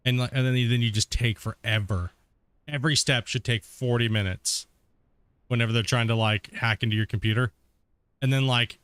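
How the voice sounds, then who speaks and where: A man casually talking while he streams a game, relaxed and rambling, often laughing. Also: mid-range voice, a little fast, smooth, no room sound. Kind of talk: casual live-stream commentary.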